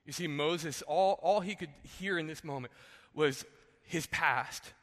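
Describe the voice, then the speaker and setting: A man's voice: on the high side, unhurried, in a large hall. A male pastor giving a sermon in a conversational way, often saying "like" as he explains. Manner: conversational, often says "like" and restarts.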